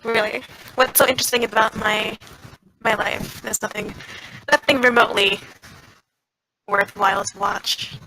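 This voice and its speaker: A woman's voice: mid-range voice, fairly even intonation, a little slow, long pauses, pushed and bright, slight background noise, rough recording. A woman playing a weary, self-doubting adventurer. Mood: doubtful.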